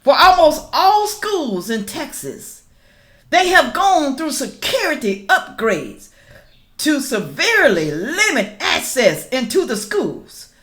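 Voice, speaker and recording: A middle-aged woman giving casual reaction commentary, reading news aloud and calling out to viewers as y'all, rising to loud emphatic questions. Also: high-pitched, very animated, slow pace. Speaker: political commentary vlogger.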